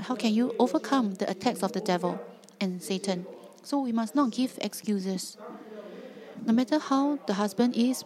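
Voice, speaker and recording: A woman's voice: a little high, darkish tone. Earnest woman preaching with emphatic repetition. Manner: earnest, emphatic, repeats phrases for stress. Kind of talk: sermon.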